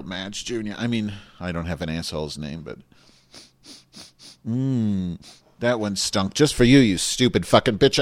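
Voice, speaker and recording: A man's voice: sits low, no echo. A man ranting furiously about politics in a profane, rambling way, often correcting himself mid-sentence. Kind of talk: angry profane political rant.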